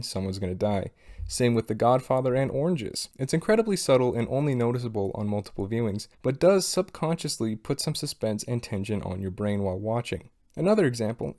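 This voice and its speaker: A young man delivers a video essay in a sarcastic, exasperated voice. His pitch sits in an ordinary middle range. He sounds fed up with what he is critiquing. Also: a little mellow. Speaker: film critic video host.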